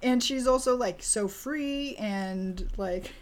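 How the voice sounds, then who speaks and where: A woman's voice: a little high, slow. Woman, podcast host, casual chat, leads discussion. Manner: leads the discussion, asks the others questions.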